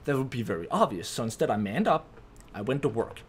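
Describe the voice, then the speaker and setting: A man's voice: medium pitch, very animated, fast talker, a little hiss or hum. A man hosting a casual storytime vlog, rambling through a story with restarts and frequent tag questions. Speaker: YouTube host.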